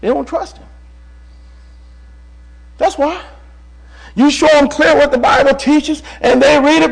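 A man preaching a sermon, swinging between shouts and hushed tones and calling out to the congregation as brother. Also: extremely high pitch, steady tone, measured pace, vocal fry, pauses often.

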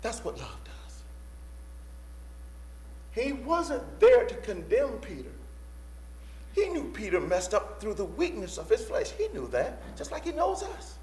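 A man preaching a sermon, swinging from hushed, whispered asides to shouted, sung lines. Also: very high-pitched, huge pitch swings, unhurried, reverberant.

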